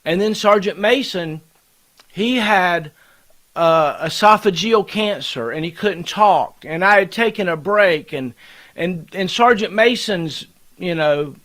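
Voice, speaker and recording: Excitable American man hosting a livestream. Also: sits high, slow pace. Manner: excited and rambling, many fillers. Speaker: host. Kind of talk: casual livestream chat.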